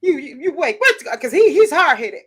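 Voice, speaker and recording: A woman hosting a livestream, telling family stories in a casual, animated way and acting out the voices in them. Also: high-pitched, normal speed. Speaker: livestream host. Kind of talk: casual storytelling chat.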